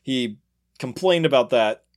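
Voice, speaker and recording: A man's voice: medium pitch, measured pace. Laughing man telling a story. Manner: laughs often, animated retelling with acted quotes. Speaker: podcast host. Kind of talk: casual storytelling chat.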